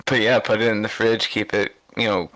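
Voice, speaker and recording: A man's voice: fairly low pitch, flat delivery, a little fast, a bit bright, rough recording. A man co-hosting a podcast, telling casual stories with lots of restarts and fillers. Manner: rambling anecdotal storytelling with many restarts. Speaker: podcast co-host. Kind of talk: casual chat.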